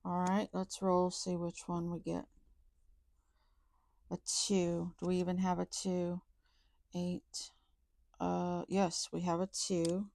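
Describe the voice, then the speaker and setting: Slow soft-spoken woman, gravelly. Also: monotone, no room sound. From Texas. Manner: chatty, soft and low, says y'all often. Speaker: budgeting vlogger. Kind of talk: casual chat to viewers while counting savings. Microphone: close mic.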